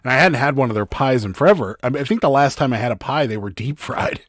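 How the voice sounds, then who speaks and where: Brief: male co-host, even mid pitch, dry close mic, rambling and teasing. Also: quick pace, dry recording. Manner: rambling, filler-heavy, teasing. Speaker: co-host of a live reselling stream. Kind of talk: casual chat. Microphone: desk microphone.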